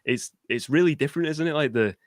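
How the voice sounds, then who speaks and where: A man's voice: a little high, fast, no room sound, studio quality. A man as a guest on a live movie chat, talking casually with many restarts and fillers. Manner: hesitant, lots of fillers and restarts. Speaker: guest podcaster.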